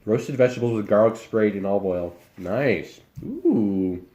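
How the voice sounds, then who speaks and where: Easygoing streamer, lowish voice. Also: male voice, normal speed, highs cut off. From Iowa, US. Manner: relaxed, rambling, talks while eating. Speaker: live streamer. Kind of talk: casual chat reading viewer comments.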